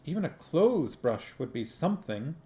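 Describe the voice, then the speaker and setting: A man voicing a brisk, practical young woman in the city watch. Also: fairly high pitch, sing-song, dark tone, voice pushed up. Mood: musing.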